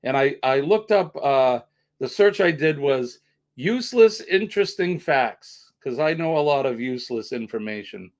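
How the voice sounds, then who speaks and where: A man's voice: mid-range voice, expressive, moderate pace. A man hosting a casual live stream, chatting with viewers in the comments.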